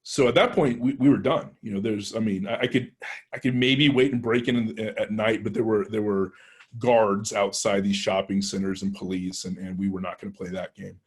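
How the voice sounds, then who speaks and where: A man's voice: fairly low pitch, steady tone, normal speed, slightly rough. A man who works as a penetration tester, telling a story in a casual, conversational way with restarts and acted-out quotes.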